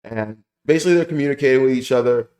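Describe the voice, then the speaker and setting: A young man hosting a casual review channel, rambling excitedly with lots of fillers and the odd swear word. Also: medium pitch, very fast. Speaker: anime review channel host. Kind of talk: casual spoken manga chapter review. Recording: roomy echoey room.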